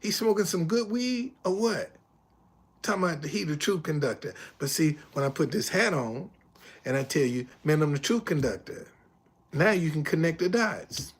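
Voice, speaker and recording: Older male streamer, high-pitched, emphatic profane storyteller, lively swings. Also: normal speed, slightly rough. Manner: animated, loud retelling, drops low when reading chat. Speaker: live streamer. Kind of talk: casual live stream talk.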